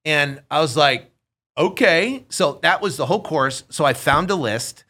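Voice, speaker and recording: A man telling an animated story in a casual interview, acting out quotes as he goes. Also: a little high, moderate pace. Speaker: real estate investor guest.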